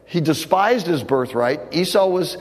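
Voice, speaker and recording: A man's voice: a little high, lively intonation, a little slow, long reverb tail. A man preaching a sermon, telling a story in a loose, conversational way with frequent restarts. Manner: casual storytelling with repeated restarts. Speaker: pastor.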